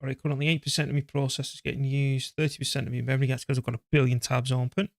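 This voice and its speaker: Rapid-fire and level, a mid-range male voice delivers live gameplay commentary in a dry, studio-quality recording. While playing a strategy game, he chats casually, pokes fun at himself, and talks to his PC and the game.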